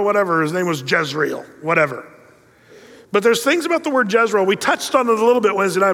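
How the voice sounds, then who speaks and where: High-voiced pastor telling a story. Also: male voice, fairly bright tone, in a large hall. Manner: conversational storytelling with joking asides. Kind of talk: sermon.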